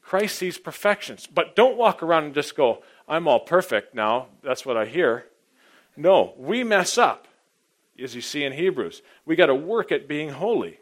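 A middle-aged man preaching a sermon, telling his own story and swinging from hushed asides to loud, emphatic points. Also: a little high, very animated, normal speed. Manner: personal testimony, dynamic, swings from hushed to loud. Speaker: pastor.

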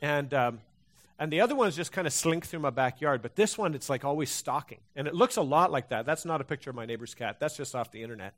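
Male pastor, fairly high-pitched, conversational sermon full of restarts and fillers to a congregation. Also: lively intonation, fast, a bit bright. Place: church hall before a congregation.

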